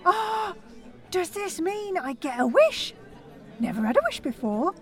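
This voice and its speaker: A sneaky, giggling young woman, voiced by a man. She talks slowly in a very high, secretive voice. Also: big pitch swings, faint music behind, some chatter behind, exaggerated voice. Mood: playful. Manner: giggly, conspiratorial. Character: mischievous young woman companion, playful and sneaky.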